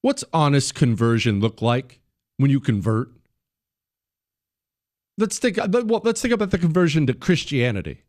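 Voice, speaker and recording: A man's voice: mid-range voice, animated, normal speed, pauses often, dry recording, clean studio sound. A man hosting a political talk radio show, speaking bluntly and combatively in a monologue. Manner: blunt, combative, mocks people in put-on voices; turns quiet and subdued when talking about the fallen.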